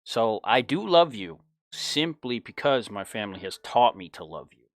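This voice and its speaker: A young man in his twenties tells a long personal story in a blunt, animated way, with plenty of swearing. His voice sits a bit low, and the recording is dry and close with no room sound. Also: moderate pace, no room sound. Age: 20s. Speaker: podcast host. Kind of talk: casual storytelling chat.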